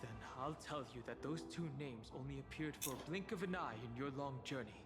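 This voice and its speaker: A man's voice: medium pitch, a little fast, music in the background, close to an everyday voice. A man playing an earnest young companion. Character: earnest young male companion appealing to an old friend. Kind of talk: game voice acting.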